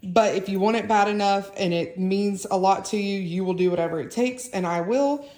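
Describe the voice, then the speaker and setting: A young woman, a mother and vlogger, chats casually to her handheld phone camera at home indoors. Her mid-range voice moves at a moderate pace as she rambles warmly toward her viewers.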